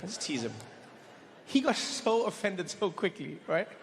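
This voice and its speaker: A man's voice: high-pitched, very animated, normal speed. A man performing a stand-up comedy set, telling stories animatedly with stammered restarts. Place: large comedy stage with audience. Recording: live show in a reverberant hall with faint crowd noise.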